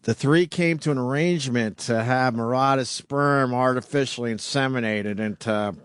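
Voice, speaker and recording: A man's voice: mid-range voice, normal speed, clean tone, no echo. A man hosting a radio show, chatting loosely and reading news items aloud. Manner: rambling, reads news stories aloud. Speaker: radio host. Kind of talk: casual radio chat.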